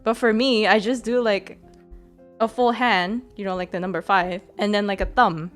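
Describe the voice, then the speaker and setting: A woman's voice: mid-range voice, steady tone, normal speed, soft background music. A woman streamer in casual chat with her viewers, rambling and giggly, full of fillers.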